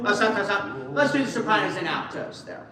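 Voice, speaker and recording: A choir director coaches singers in a large, echoey rehearsal room, upbeat and encouraging, singing lines to demonstrate. His voice is high-pitched, animated, and a little fast, picked up by a distant room mic that sounds far off and echoey, with piano and choir in the background.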